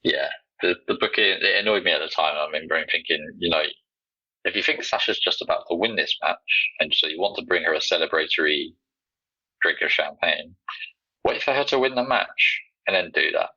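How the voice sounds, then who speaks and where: A man's voice: deep voice, fairly quick, pushed and bright, husky, no room sound. A man co-hosting a casual podcast chat, thoughtful and easygoing, on a slightly lo-fi mic. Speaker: podcast co-host.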